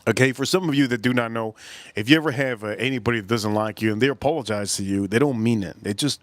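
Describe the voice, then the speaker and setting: A man's voice: medium pitch, fast talker. A man hosting a livestream, telling a story in a blunt, profane, rambling way with lots of repeats. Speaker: livestream host.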